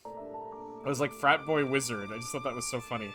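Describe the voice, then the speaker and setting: A man's voice: medium pitch, normal speed. A man chatting casually while streaming a game, rambling with lots of restarts and filler words. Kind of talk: casual live-stream chat. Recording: game music playing behind.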